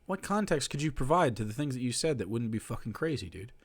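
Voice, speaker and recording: A man's voice: mid-range voice, sing-song, fast talker. A young man commenting sarcastically on clips during a casual stream, mocking what he hears.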